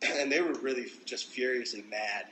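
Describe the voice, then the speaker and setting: A man's voice: mid-range voice, normal speed, low-quality recording. Young american guy rambling through a story on his phone stream, swears a lot, faint hum behind. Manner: loose, profane, animated storytelling. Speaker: musician livestreaming to fans. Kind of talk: casual storytelling livestream. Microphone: phone livestream.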